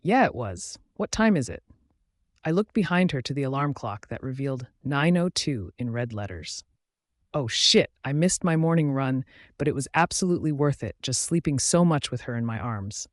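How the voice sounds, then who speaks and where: A man's voice: mid-range voice, animated, normal speed, no echo, clean studio sound. A man narrating a first-person audiobook in a casual, conversational way.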